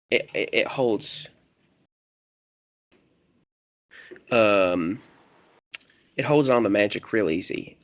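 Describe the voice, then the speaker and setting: A man's voice: fairly low pitch, fairly bright tone, full character voice. A man voicing a wary, reclusive country hermit with a drawl, who rambles with many fillers and loses his train of thought.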